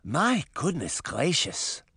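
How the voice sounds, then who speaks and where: Man voicing a gentle old granny, genteel, a bit higher, storybook. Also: huge pitch swings, takes it slowly, breathy edge, no room sound, clean studio sound, full character voice. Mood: concerned. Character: kindly fussing old grandmother.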